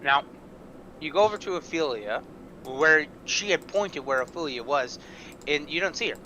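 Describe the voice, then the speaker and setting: A man's voice: a little high, animated, moderate pace, bright, forceful tone, slight background noise, rough recording. A man narrating as game master of a tabletop game, descriptive and rambling with frequent fillers.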